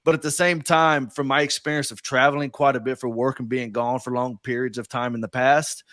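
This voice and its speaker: A man's voice: mid-range voice, little pitch movement, fairly quick, a bit bright, no room sound, studio quality. Earnest, hesitant male co-host. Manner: earnest, hesitant, with many restarts. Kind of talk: casual chat.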